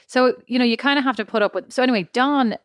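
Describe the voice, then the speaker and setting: A middle-aged woman from Ireland co-hosting a casual chat podcast, telling stories with lively acted-out quotes. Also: on the high side, fast talker, no room sound, studio quality. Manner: animated storytelling, acts out quotes. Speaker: podcast co-host. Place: home, living in the US.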